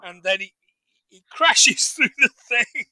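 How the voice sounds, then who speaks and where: A man's voice: very high-pitched, lively intonation, slow, sharp tone, no room sound, rough recording. A man co-hosting a casual film recap, rambling and joking and acting out lines from the movie. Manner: rambling, jokey, acts out quotes. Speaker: podcast co-host.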